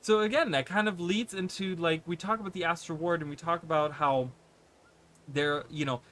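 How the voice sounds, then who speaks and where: A man's voice: a little high, fairly even intonation, normal speed, a bit bright. A man whose first language is not English, casually commenting on a game stream in a rambling way, full of fillers. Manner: rambling, many fillers and restarts.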